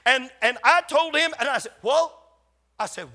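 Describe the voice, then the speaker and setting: A man's voice: very high-pitched, measured pace, pushed and bright. An older man, a pastor, preaching a sermon and telling stories, acting out quoted conversations with emphatic repetition. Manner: storytelling, acts out quoted dialogue with emphatic repetition.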